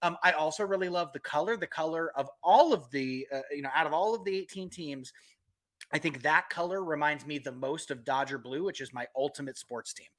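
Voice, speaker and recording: A man's voice: a little high, a little fast. A man co-hosting a sports podcast, chatting casually, laid-back and laughing often, cursing freely. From California. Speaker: podcast co-host.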